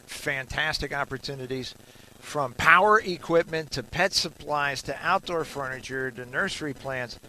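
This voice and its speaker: A man hosting a radio talk show live from a garden store, chatting in a rambling, jokey way with frequent filler pauses. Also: fairly high pitch, pushed and bright, slight background noise, poor audio. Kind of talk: casual radio chat.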